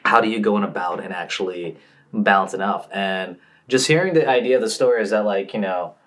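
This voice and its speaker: A man's voice: on the low side, brisk, fairly bright tone. A man hosting a casual podcast interview, asking questions hesitantly with many restarts. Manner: hesitant, restarts questions, short backchannel replies. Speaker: podcast host.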